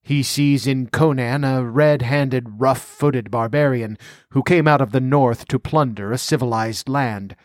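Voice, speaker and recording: A man playing a ruthless outlaw lord plotting for a throne, measured and scornful, giving orders with cold command in a dry, close voice. his pitch sits mid-range and he never raises it far. a storybook villain with contempt for everyone around him. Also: dry recording, natural voice. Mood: scheming. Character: scheming ambitious male outlaw noble, cold and commanding.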